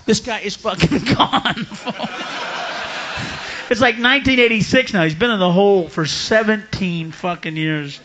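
A man doing a profane stand-up routine, ranting and shouting punchlines into a stage microphone. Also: sits high, a little slow. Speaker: stand-up comedian.

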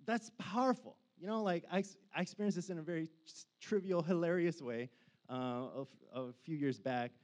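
A man's voice: a little high, normal speed, darkish tone. A man in his forties preaching a sermon as a pastor, casual and conversational with lots of filler words, building to fervent passages.

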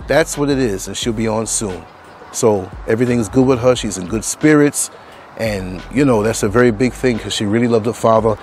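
A man's voice: medium pitch, a little hiss or hum. Earnest man musing outdoors on a street. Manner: earnest, emphatic, repeats phrases for stress. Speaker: podcast host. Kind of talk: reflective monologue to camera. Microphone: clip-on mics.

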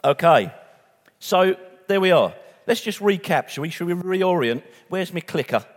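Chatty preacher in a reverberant hall. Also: male voice, high-pitched, lively intonation, a little slow. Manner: chatty, repeats words, restarts. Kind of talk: sermon.

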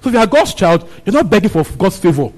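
A man's voice: high voice, very animated, fast talker, a little mellow, rough recording. A man preaching a sermon, repeating his phrases and asking the congregation questions. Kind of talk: sermon teaching on a Bible passage.

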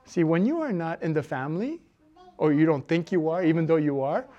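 A pastor delivers a sermon in a brisk, conversational way, full of fillers and self-corrections, with lively intonation. He swings between loud, emphatic preaching and soft, low asides. The highs in the audio are cut off.

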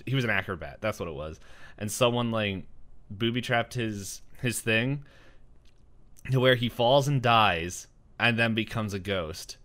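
A man chatting casually who tells a story with animation, acting out scenes in quick voices and laughing often. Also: on the low side, a bit bright, clear, resonant tone. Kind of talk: casual chat.

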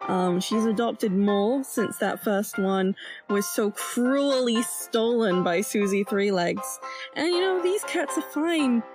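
A woman's voice: fairly high pitch, expressive, slow, over music. Woman rambling casually as a game player. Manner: rambling, with many fillers. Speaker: player narrating her character. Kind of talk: casual tabletop game narration.

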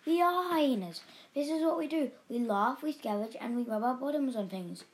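A woman's voice: fairly high pitch, a little fast, lightly acted. A woman voicing a boisterous, homesick father hyena in a storybook reading, speaking emphatically. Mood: boastful.

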